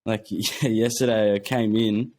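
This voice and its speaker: A teenage man whose voice sits fairly low. He speaks as a podcast guest in loose, eager chat, tripping over restarts as his thoughts run ahead of him. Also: steady tone, slow pace, darkish tone. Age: teens. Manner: eager, rambling with frequent restarts. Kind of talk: casual conversation.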